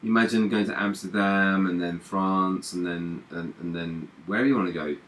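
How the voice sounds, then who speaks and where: A man's voice: deep voice, normal speed, a bit bright. A man chatting casually on a live stream, rambling and repeating himself. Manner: rambling, repeats words, laughs often. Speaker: DJ and stream host.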